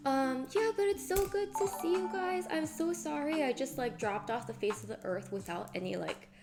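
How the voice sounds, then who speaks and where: A woman's voice: high-pitched, normal speed. A woman streamer chatting casually with her viewers, bubbly and effusive, gasping and greeting people by name. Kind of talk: casual live-stream chat. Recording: music playing behind.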